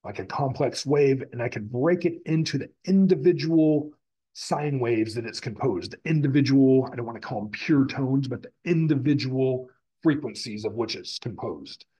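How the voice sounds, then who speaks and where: In a recorded classroom lecture on the physics of sound, a man explains things step by step, repeating and rephrasing terms as he goes. His mid-range voice is dark and slightly rough, at a moderate pace, and the audio sounds dull.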